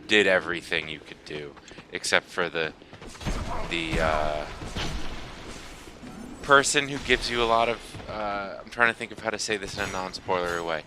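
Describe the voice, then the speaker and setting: A man with a lowish voice chats casually about a game, rambling and breaking into chuckles. His voice comes over a noisy voice-chat recording with hiss behind it. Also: moderate pace, pauses often. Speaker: podcast guest.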